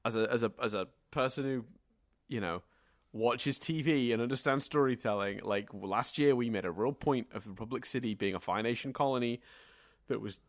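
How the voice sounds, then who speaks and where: A man's voice: mid-range voice, moderate pace, dry recording, clean studio sound. A man co-hosting a podcast, talking in long, rambling sentences in a casual discussion. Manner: chatty and rambling, talks in long winding sentences. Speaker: podcast co-host.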